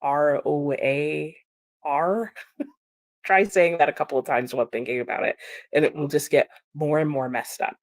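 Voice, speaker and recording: A woman's voice: deep voice, moderate pace, no echo, studio quality. A woman hosting a casual livestream, chatting about chat comments with frequent laughs and lots of "like" fillers.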